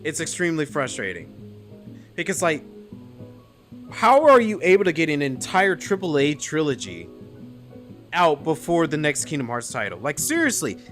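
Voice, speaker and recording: Young man, streamer, exasperated rant, somewhat high voice, very lively pitch. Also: moderate pace, long pauses, faint music behind. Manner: frustrated, exasperated ranting with rising outbursts. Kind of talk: ranting to stream chat.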